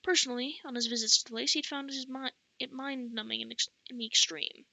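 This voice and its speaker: A woman's voice: high-pitched, fairly even intonation, fast talker, creaky, bright, forceful tone, no echo, low-quality recording. A woman reading a novel aloud as an amateur audiobook narrator, often stumbling and restarting words. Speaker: audiobook reader.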